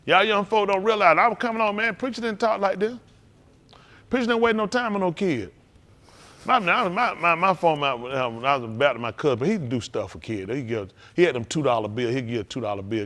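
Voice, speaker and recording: A man's voice: fairly high pitch, brisk. A middle-aged man preaching a sermon, calling out to the congregation and teasing young listeners. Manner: animated, calls to the congregation, teasing asides.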